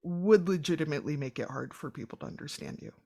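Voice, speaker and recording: A woman hosting a podcast, asking a guest measured, thoughtful questions. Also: deep voice, lively intonation, vocal fry, dark tone, slight background noise. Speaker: podcast host. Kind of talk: casual interview chat.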